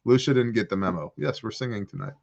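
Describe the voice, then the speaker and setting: This fast-talking man has a medium-pitched, creaky voice, recorded with the top frequencies missing. He's the host of a porch livestream for preppers, cracking jokes, telling lively stories, and answering comments from viewers.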